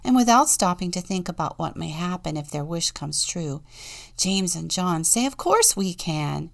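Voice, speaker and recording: A woman deacon reading a children's Bible story and a picture book aloud, in a gentle storytelling manner with soft whispered moments. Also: on the low side, normal speed, gravelly, no echo, clean studio sound.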